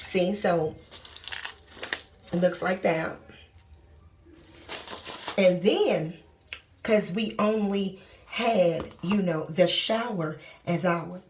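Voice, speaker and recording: A young woman vlogging from a small bathroom, telling a story in a brash, profane, animated way and often dropping to a whisper. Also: lowish voice, drawn-out words, long pauses, slight background noise.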